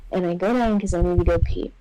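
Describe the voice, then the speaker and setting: Young woman telling a spooky story on a podcast, warm low-key tone, jumps up in pitch acting out quotes. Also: fast, poor audio. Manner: animated, acts out quotes in raised voice. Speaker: podcast co-host. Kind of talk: casual storytelling.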